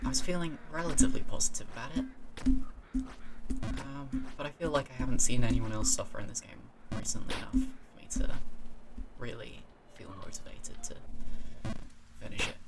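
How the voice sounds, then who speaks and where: A streamer with an English accent, chatting loosely through a game session. They ramble and curse, break off and restart sentences, and sit at a middle pitch. Loud game music plays underneath the whole time. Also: steady tone, moderate pace, pauses often. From England, Cambridge area. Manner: rambling, swearing, self-interrupting. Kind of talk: casual gaming stream chat.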